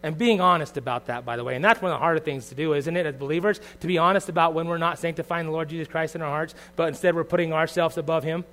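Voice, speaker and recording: A middle-aged man preaching a sermon as pastor, earnest and confessional, moving from quiet reflection to loud bursts. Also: on the high side, very fast, hardly any pauses.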